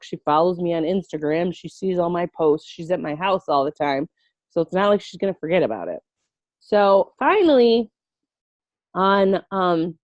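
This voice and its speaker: A woman's voice: medium pitch, a little mellow, no room sound. A woman in her thirties who sells essential oils, telling a story in casual chat on a video call, animatedly quoting herself and her friend. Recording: dull lo-fi video call audio.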